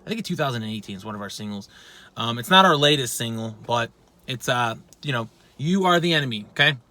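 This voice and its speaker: A man's voice: mid-range voice, lively intonation, fast, sharp tone. A man giving a casual vocal lesson, talking bluntly with plenty of swearing and poking fun at himself. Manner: blunt, profane, self-deprecating. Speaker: vocal instructor.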